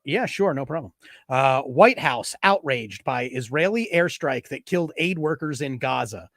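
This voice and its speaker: A man's voice: medium pitch, animated, normal speed, creaky, a bit bright, no room sound, clean studio sound. A middle-aged man from the Philadelphia area co-hosting a comedy podcast, reading news jokes and laughing at his own punchlines. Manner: laughs at own jokes, reads joke setups. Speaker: podcast co-host. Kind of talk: casual comedy podcast chat.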